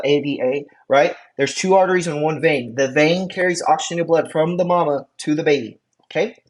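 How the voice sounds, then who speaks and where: An instructor lectures an EMT class in a relaxed, conversational way, with a voice of ordinary middle pitch. The delivery wanders into asides and keeps checking in with the listeners, and the speech is full of restarts. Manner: casual, chatty, checks in with listeners.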